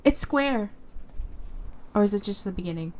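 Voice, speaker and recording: A woman hosting a reaction video, talking casually and excitedly with fillers. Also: medium pitch, moderate pace. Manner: chatty and excitable, with laughs and fillers.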